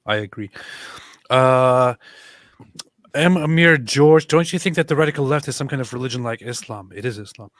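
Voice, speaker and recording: A man co-hosting a livestream, reading viewer messages aloud in a loose, halting manner full of fillers and restarts. His voice sits at a middle pitch and sounds dry and close to the mic. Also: no echo. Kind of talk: casual chat.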